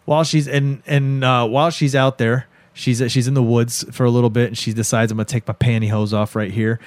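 Male podcast co-host, mid-pitched, lively storyteller who mimics characters, dry close sound. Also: no room sound. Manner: animated retelling with quick quoted character voices. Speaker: podcast co-host recapping a movie. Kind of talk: casual chat.

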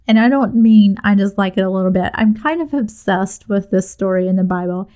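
A middle-aged woman hosting her own podcast, telling a story casually, laughing at her own jokes and acting out the lines of the people in it. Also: mid-range voice. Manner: animated, acts out dialogue. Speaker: podcast host.

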